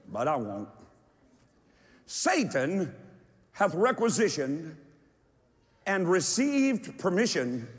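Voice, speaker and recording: A man preaching a sermon with drawn-out emphasis, swinging from hushed lines to shouts. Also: mid-range voice. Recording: long echo from a large hall.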